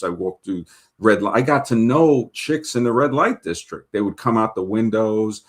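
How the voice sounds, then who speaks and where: A man's voice: fairly low pitch, a little fast. A man from New York with a New York accent, hosting a casual livestream, reading viewer comments and telling rambling anecdotes full of fillers. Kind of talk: casual livestream chat and storytelling.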